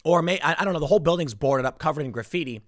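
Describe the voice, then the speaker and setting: A man's voice: a little high, racing, no echo, studio quality. A man hosting casual political commentary, emphatic and exasperated in how he talks.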